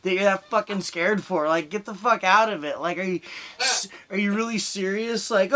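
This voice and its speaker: A man's voice: high voice, normal speed, sharp tone. A young man doing a stand-up set over a video call, rambling through crude stories. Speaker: stand-up comedian.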